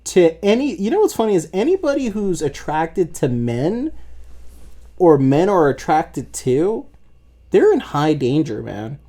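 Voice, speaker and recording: A man's voice: on the high side, huge pitch swings, unhurried, warm tone. A young man co-hosting a podcast, chatting casually and profanely, saying "dude" a lot. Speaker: podcast co-host. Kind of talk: casual chat.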